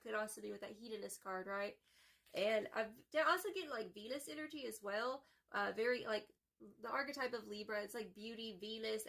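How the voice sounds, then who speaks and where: Gravelly chatty woman reading tarot. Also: on the high side. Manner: chatty, swears, excitable, calls viewers boo-boo. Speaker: tarot reader.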